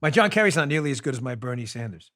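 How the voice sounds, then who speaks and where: A man hosting a political talk show, emphatic and sarcastic, with rapid asides. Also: medium pitch, very animated, fairly bright tone. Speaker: host.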